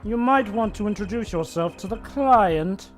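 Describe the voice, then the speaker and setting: A man voicing a suave, calm senior defense lawyer who speaks in a smooth, measured, deadpan way. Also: sits high, faint music behind. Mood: dry. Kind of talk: reading game dialogue aloud.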